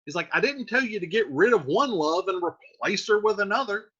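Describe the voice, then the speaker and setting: A man's voice: high voice, expressive, brisk, hardly any pauses, fairly bright tone. A male teacher explaining a play line by line, reading verse aloud and then paraphrasing it casually. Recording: dull lo-fi recording.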